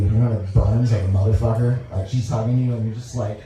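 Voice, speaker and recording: A young man from Dallas doing a stand-up comedy set, rambling, halting and crude as he talks to the crowd on a club stage. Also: fairly low pitch, steady tone, background noise. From Dallas, Texas. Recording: echoey room, mic heard from far off.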